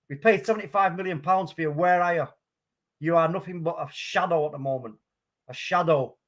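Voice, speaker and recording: Excitable football fan commentating. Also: male voice, on the high side. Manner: excitable, swings from calm play-by-play to loud outbursts. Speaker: watchalong host. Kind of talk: live match commentary.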